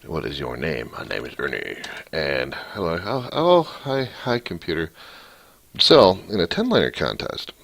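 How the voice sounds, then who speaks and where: A man's voice: rumbling low, sing-song, normal speed, gravelly, fairly bright tone, husky. A man walking through some code casually, thinking aloud and reading lines out as he types. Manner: thinks aloud, reads code out while typing; rambling, many restarts. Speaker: hobbyist programmer. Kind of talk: casual coding walkthrough.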